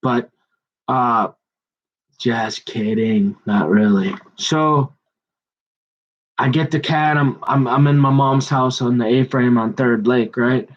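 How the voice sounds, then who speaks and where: A man's voice: mid-range voice, slow pace, pauses often, highs cut off. Rambling chatty male preacher. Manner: digressive, chatty, self-mocking. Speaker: pastor. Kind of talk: sermon with rambling personal story.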